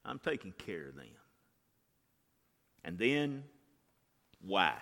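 Male preacher, folksy sermon voice, animated pitch, echoing hall. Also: takes it slowly, vocal fry, long pauses. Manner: folksy storytelling, swings from hushed to shouting. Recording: reverberant hall.

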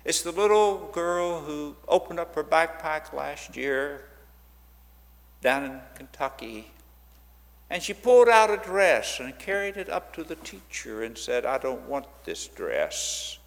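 A man speaks in a church, telling stories with a lively, up-and-down delivery and slipping into the voices of the people he quotes. His voice sits a little higher than most men's. A long reverb trails each phrase, as in a big sanctuary. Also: unhurried. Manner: animated storyteller who acts out quoted voices. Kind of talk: storytelling church talk. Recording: long reverb of a large hall.

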